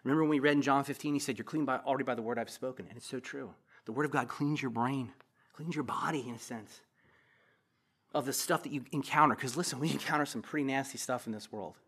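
A middle-aged man preaching a sermon as a pastor in a church, passionate, with loud emphatic bursts and quiet asides. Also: mid-range voice, fast talker, slightly rough.

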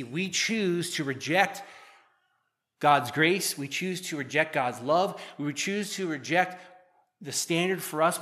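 A middle-aged pastor with a slightly high, pushed, bright voice reads scripture verses during a sermon. Between readings he explains them conversationally, tossing in joking asides.

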